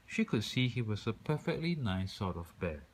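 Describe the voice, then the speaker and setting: Male storyteller, low voice with lively pitch swings, reads a children's book aloud, faint hiss. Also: moderate pace, low-quality recording.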